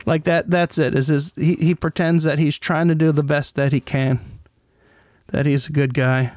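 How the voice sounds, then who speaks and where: A man's voice: fairly high pitch, fairly even intonation, moderate pace, a little mellow, dry recording, clean studio sound. A middle-aged man with a grown daughter, hosting an online show in a rambling, profane monologue with many restarts. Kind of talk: casual commentary monologue.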